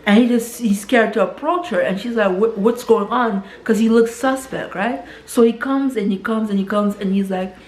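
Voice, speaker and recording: A woman's voice: mid-range voice, darkish tone. Woman in a roomy, echoey room, retelling a story. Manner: tags nearly every sentence with "right?"; stumbles and repeats words as she rushes on. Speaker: vlogger retelling a film plot. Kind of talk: casual spoken retelling. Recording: roomy echo.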